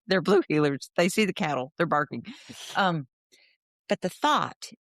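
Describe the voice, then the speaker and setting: A woman therapist guesting on a podcast, explaining ideas in an animated way, laughing often and acting out inner thoughts. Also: mid-range voice, takes it slowly, long pauses, no room sound, studio quality.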